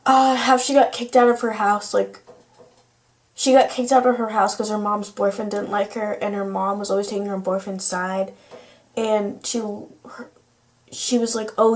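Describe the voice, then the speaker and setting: A teenage girl vlogging in a casual chat, her voice lowered by illness, rambling and filling her speech with "like". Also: little pitch movement, moderate pace. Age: teens. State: sick, voice lower than usual.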